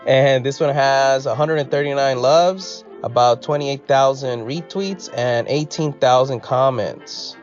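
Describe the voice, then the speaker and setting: A man's voice: mid-range voice, slow. Wry man hosting a lo-fi podcast. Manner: wry, sarcastic asides with chuckles. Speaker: podcast host. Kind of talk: casual news podcast commentary. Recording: slightly dull lo-fi audio with faint music.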